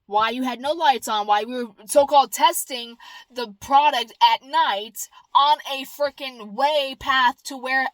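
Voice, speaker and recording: A middle-aged woman talking straight to camera in a casual, rambling vlog, jumping from loud outbursts to soft asides. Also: high voice, a little slow, dry recording, poor audio. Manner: rambling, emphatic, swings between loud exclamations and soft asides. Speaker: vlogger.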